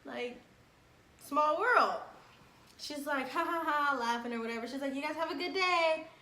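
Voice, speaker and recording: A young woman tells a story in a lively, bright voice that runs fairly high. She laughs often and acts out every quote. The room is echoey and has a faint hiss under it. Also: normal speed. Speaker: vlogger telling a story. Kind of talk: casual storytime chat.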